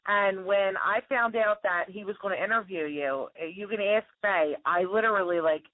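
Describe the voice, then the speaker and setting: A woman's voice: mid-range voice, dry recording. A woman, a former contestant calling in as a surprise guest, chatting in a bubbly, gushing way. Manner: gushing, bubbly, fast-talking. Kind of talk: casual phone chat. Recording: tinny phone line.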